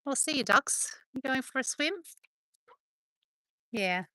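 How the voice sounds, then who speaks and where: A woman's voice: high-pitched, expressive, takes it slowly, bright, forceful tone, no echo. A woman vlogging outdoors on a farm, chatting playfully and teasing her dogs. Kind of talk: casual chat to camera and to her dogs.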